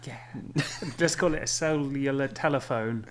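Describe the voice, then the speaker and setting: A man's voice: medium pitch, a little hiss or hum. A man co-hosting a podcast, joking and bantering sarcastically. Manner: jokey, sarcastic, quick to laugh. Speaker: podcast co-host. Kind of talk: casual banter.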